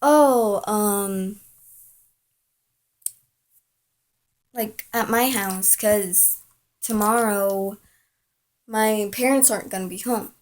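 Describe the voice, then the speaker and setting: A woman's voice: mid-range voice, takes it slowly, natural voice. A woman quoting her evasive boyfriend. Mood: casual. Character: smooth-talking teenage boyfriend, evasive.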